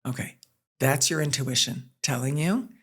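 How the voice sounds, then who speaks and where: A woman's voice: very deep voice, moderate pace, breathy edge. A middle-aged woman guest on a podcast, speaking conversationally and acting out the quotes in her stories. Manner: animated storyteller, acts out quotes. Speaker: guest, sports broadcaster and producer.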